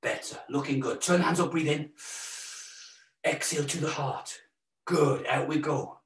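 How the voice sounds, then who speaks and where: A Welsh man coaches a live exercise class with cheerful, joking encouragement, counting steps and calling out breaths. His voice sits fairly high for a man. The sound is roomy and picked up from a distance. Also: normal speed. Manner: upbeat, encouraging, jokey, counting out moves. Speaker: fitness instructor. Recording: roomy echo, mic at a distance.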